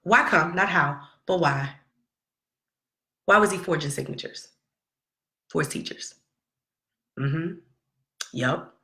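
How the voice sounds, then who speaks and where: A woman's voice: sits low, slow, pauses often, sharp tone, echoey room. A middle-aged woman venting to her viewers about her son, emphatic and sassy, repeating herself for effect. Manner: emphatic, repetitive, sassy, talks straight to the camera. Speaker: vlogger and mother. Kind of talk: casual storytelling vlog to viewers.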